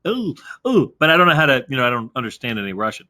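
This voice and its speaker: A man in his fifties, an actor guest in a casual interview, chatty and quick to agree and laugh. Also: mid-range voice, very animated, bright, forceful tone. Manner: chatty, lots of agreeing "yeah" and "right", laughs easily.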